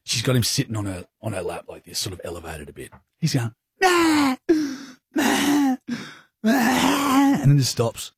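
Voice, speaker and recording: Husky Australian man telling an animated yarn. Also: on the low side, fast talker, few pauses, no echo, studio quality. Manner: animated storyteller who acts out voices and sounds. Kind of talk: casual banter, telling a story.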